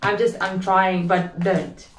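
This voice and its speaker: A woman's voice: medium pitch, level tone, slow pace. A woman hosting a casual chat, talking in a playful, chatty way and often checking in with "okay?". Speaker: host. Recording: echoey room.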